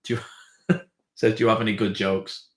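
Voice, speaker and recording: A man's voice: lowish voice, level tone, normal speed. A man co-hosting a live stream, laughing often and acting out the voices as he tells a long joke. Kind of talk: casual chat, telling jokes. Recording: echoey room.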